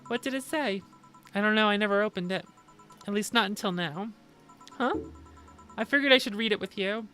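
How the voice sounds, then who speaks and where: Woman streamer reading game dialogue out loud, does all the parts, plain delivery. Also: mid-range voice, a little fast, soft background music. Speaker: streamer reading a visual novel aloud.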